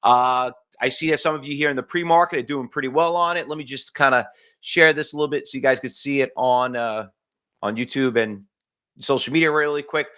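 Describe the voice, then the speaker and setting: A man with a New York accent hosting a live day-trading morning stream, chatty and excitable, his voice leaping up when he gets fired up. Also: mid-range voice, a little fast. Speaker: day trading show host. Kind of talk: live-streamed market commentary.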